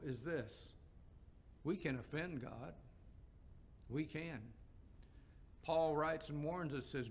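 Gravelly-voiced male preacher. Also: mid-range voice, a little hiss or hum. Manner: expository preaching with scripture quotes and rhetorical questions. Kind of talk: sermon.

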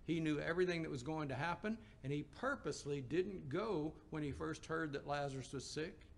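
A male preacher delivers a sermon in a plain, chatty storytelling manner, pushing up into emphatic rises to land his points. His voice sits a bit high for a man and carries a steady gravelly rasp. A faint hiss runs under the recording. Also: brisk.

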